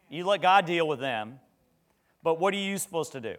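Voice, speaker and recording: A man's voice: fairly high pitch, lively intonation, moderate pace, a bit bright. Conversational man preaching a sermon. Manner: conversational, repeats words and restarts, rhetorical questions. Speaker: pastor.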